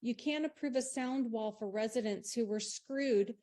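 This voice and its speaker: A woman's voice: a little high, normal speed, warm tone. A woman bluntly accusing city council members during public comment.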